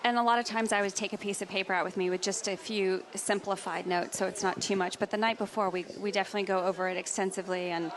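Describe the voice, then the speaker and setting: A woman's voice: medium pitch, steady tone, fast, hardly any pauses, a crowd in the background. A woman who is a former player giving chatty, rambling tennis talk in a studio. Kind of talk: studio sports punditry.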